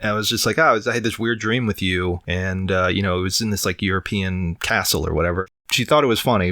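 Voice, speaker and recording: A man's voice: lowish voice, bright, forceful tone, no echo, clean studio sound. A man co-hosting a casual podcast, rambling and long-winded, swearing casually while running a fever. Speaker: podcast co-host. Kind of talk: casual chat.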